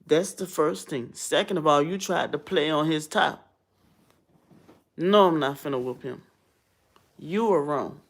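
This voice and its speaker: A woman in her thirties, a vlogger telling stories in a blunt, casual, animated way. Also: deep voice, unhurried, long pauses. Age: 30s. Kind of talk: casual storytelling rant.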